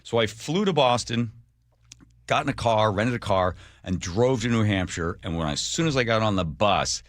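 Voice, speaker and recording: A man's voice: normal speed, dry recording, studio quality. A middle-aged man hosting a radio show, telling stories in casual on-air chat and acting out the people he quotes. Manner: animated, acts out quoted people with jumps in pitch. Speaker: radio host. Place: radio studio. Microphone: studio microphone.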